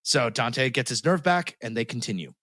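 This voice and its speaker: A man's voice: medium pitch, lively intonation, moderate pace, a bit bright, no room sound. A man hosting a podcast, retelling a story in casual chat, laughing often and swearing freely. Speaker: podcast host.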